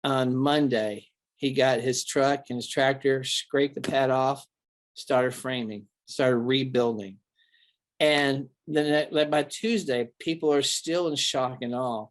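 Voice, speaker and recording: A male pastor telling stories in an interview, earnest and animated, often restarting his sentences. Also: medium pitch, slow. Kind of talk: recalled storytelling interview.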